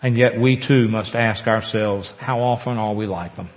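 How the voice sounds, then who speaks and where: A man preaching a sermon as pastor, earnest, with slow emphatic pauses. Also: lowish voice, fairly even intonation. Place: church sanctuary. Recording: echoey church hall, dull lo-fi sound.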